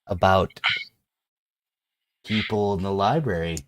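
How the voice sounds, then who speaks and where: A man's voice: low voice, slow, slight background noise. Man putting on a suspicious shady woman. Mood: threatening. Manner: accusing, defensive.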